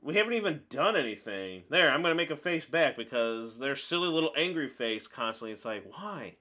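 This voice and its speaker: Guy with a high, really bright voice talking thru his card game moves, chatty gameplay commentary. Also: very animated, a little fast. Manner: chatty, talks through each move out loud. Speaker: card game video creator.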